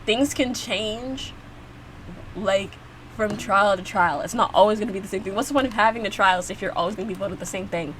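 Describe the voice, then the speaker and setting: A woman's voice: medium pitch, fairly quick, a bit bright, a little hiss or hum, rough recording. A young woman hosting a reaction video, talking casually and rambling with lots of fillers and restarts. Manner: chatty, rambling, frequent fillers and restarts, laughs often.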